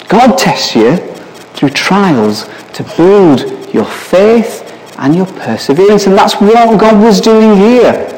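A man preaching in a church hall, his voice sitting a little high and swinging widely in pitch. He speaks slowly and keeps turning to his listeners with questions. Long reverb trails every phrase. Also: a little mellow. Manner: asks the listeners many searching questions. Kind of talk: sermon.

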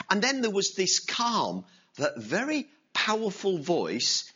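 A man preaching a sermon as pastor, telling stories with animated acted-out voices and asking the congregation to respond. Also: sits high, takes it slowly, slightly rough, muffled recording. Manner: animated storyteller, acts out voices. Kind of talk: sermon with story and call-and-response.

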